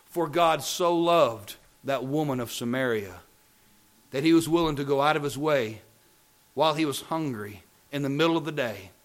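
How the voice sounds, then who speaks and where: A man preaching a sermon. He repeats phrases for emphasis and builds from calm talk to loud, impassioned preaching. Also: a little high.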